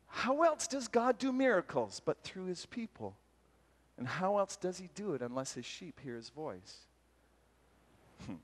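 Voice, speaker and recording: A man giving a talk at a retreat, telling personal stories in a lively, self-deprecating way with frequent laughs. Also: sits high, measured pace. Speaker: retreat speaker. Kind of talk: storytelling sermon talk. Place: large hall at a retreat. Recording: long hall reverb from a live talk.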